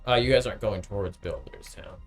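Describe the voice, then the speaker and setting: A man's voice: fairly low pitch, fast talker, soft background music. A man narrating as game master of a tabletop game, casual and hesitant with many ums and uhs.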